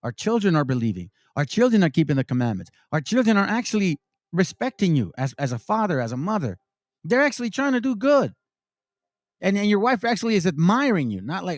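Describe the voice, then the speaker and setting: A man's voice: a little high, big pitch swings, fairly quick, no echo. A man teaching scripture in a casual, slang-laced style, reading verses aloud and explaining them.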